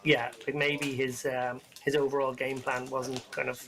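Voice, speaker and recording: A man's voice: mid-range voice, little pitch movement, normal speed, crowd noise, low-quality recording. A man co-commentating live poker, musing and chatty, often restarting his sentences.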